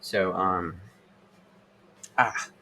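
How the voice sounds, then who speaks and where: A young man talks in a low voice, rambling through a crude podcast monologue full of fillers and cursing. A faint hum sits behind him. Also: steady tone, drawn-out words, bright, forceful tone. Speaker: podcast host.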